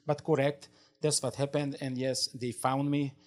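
A man's voice: medium pitch, flat delivery, normal speed, darkish tone. A man who learned English as a second language, telling a fervent faith testimony as an interview guest, in broken English full of restarts and repeated words. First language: not English.

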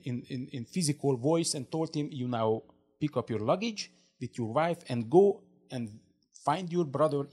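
As an interview guest, a man whose first language isn't English gives a fervent testimony of faith. His voice is mid-range and a little mellow, and his broken English is full of restarts and repeated words.

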